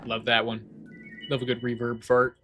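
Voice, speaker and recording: A man's voice: mid-range voice, monotone, normal speed, pushed and bright, soft background music. Goofy self-deprecating male streamer. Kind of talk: casual livestream chat while gaming.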